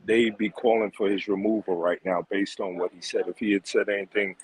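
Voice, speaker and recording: Male panel guest, low voice, halting delivery full of fillers. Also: steady tone, rough recording. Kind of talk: panel discussion.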